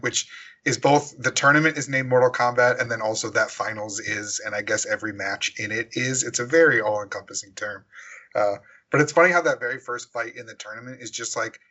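A man's voice: medium pitch, fairly quick, pushed and bright. A man co-hosting a podcast, chatting casually and with amusement about a movie, acting out quotes. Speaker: podcast co-host. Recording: dull lo-fi audio.

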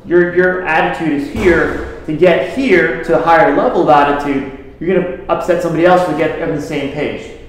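A man's voice: fairly high pitch, moderate pace. A man who treats patients, talking casually to a group and telling stories about his patients. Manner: conversational, tells patient stories. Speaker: health practitioner treating patients. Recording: very echoey room.

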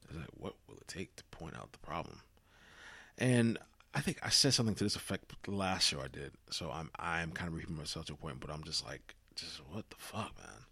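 A man's voice: extremely low pitch, creaky, bright, forceful tone, breathy edge, dry recording. A worn-out young man hosting a solo podcast, rambling wearily and swearing freely, sometimes dropping to a whisper. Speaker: podcast host. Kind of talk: solo reflective monologue.

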